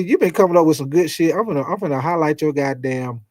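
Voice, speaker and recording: A man hosting a casual sports livestream, reading viewer comments and talking football with loose, profane, animated chatter. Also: a little high, quick pace, no room sound. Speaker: sports talk livestream host.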